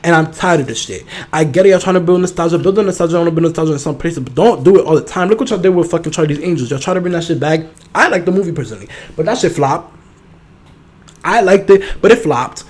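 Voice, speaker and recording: A man's voice: fairly high pitch, fast, darkish tone. A young man hosting a solo podcast, chatting casually in a sassy, profane, campy manner. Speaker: podcast host.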